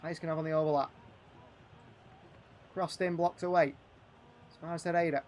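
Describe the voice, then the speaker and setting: Speaking at a normal pace, this high-voiced gaming streamer gives live play-by-play of a football management game. Between match calls he thinks out loud, animated and frustrated.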